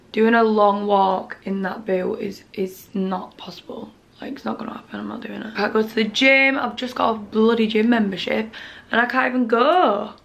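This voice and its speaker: Chatting to camera from her bedroom, a young woman keeps her home vlog casual and candid, grumbling and sometimes murmuring. Her medium-pitched voice is creaky, and there's slight background noise.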